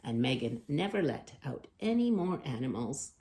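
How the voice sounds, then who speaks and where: Low-voiced woman reading a storybook. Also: moderate pace. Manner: expressive, swings between loud calls and hushed asides. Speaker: children's storytime host. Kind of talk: reading a picture book aloud.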